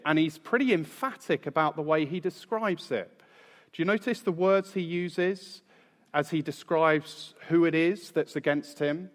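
A man preaching a sermon in a measured, emphatic way, slowing down to stress key phrases. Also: medium pitch. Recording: long reverb in a large hall.

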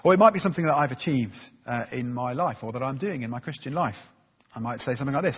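A man's voice: mid-range voice, a little fast, slightly rough. A man preaching a sermon in a conversational, self-deprecating way, with many fillers. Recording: dull sound with long reverb.

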